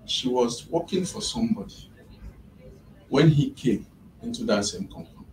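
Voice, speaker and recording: A man's voice: medium pitch, lively intonation, moderate pace, darkish tone, slight background noise. A man, retelling events step by step as an employer's representative in a mediation session. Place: office. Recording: echoey room from a distant mic.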